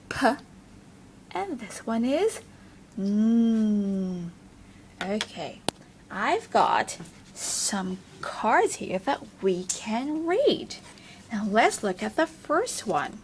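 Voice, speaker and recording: A woman's voice: on the high side, fairly bright tone, a little hiss or hum. A woman teaching young children phonics in a sing-song way, sounding out letters one at a time and encouraging them. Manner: talks to a puppet helper.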